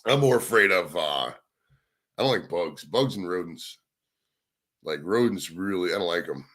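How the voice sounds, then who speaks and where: A man's voice: low voice, animated, moderate pace, a bit bright. A young man hosting a casual livestream from home, rambling and swearing as he chats to his viewers. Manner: rambling, profane, chatting to viewers. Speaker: livestream host. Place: home, indoors.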